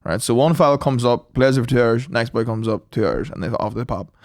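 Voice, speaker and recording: A man's voice: medium pitch, a little fast, a little mellow, no room sound, clean studio sound. A man co-hosting a podcast, telling a story in casual chat, laughing often and swearing as he goes. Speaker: podcast co-host.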